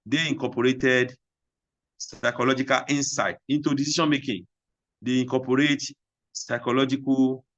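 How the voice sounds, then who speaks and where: A man giving a classroom lecture, who asks questions and answers them himself, and repeats key phrases slowly so the class can write them down. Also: medium pitch, fairly bright tone, muffled recording.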